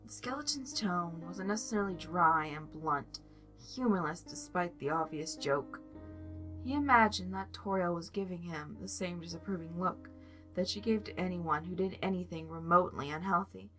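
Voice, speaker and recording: A woman narrating a fan fiction story aloud at a calm, measured pace. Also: fairly low pitch. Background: soft music.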